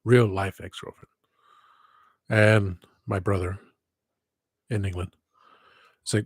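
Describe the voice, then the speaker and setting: A man's voice: lowish voice, unhurried, vocal fry, pauses often, slightly rough, no room sound. A man rambling through a casual livestream, wandering off topic, cutting himself off, adding wistful asides. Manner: meandering, self-interrupting, wistful asides. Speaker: livestream host. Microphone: headset.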